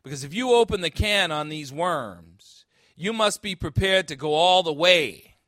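A man voicing a blunt, menacing older Irish-American police officer, delivering the lines with forceful emphasis. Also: on the high side, expressive, a little slow, no echo, clean studio sound.

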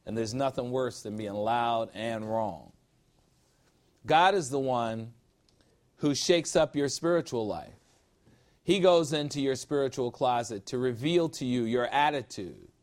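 A man teaching a sermon-style Bible lesson, reading scripture slowly and adding emphatic, jokey asides. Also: mid-range voice, darkish tone.

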